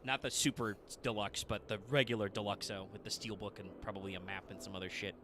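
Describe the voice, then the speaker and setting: A man's voice: on the low side, flat delivery, quick pace, background noise. A man chatting casually and rambling with swearing while streaming a game. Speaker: let's play streamer. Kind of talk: casual chat over gameplay.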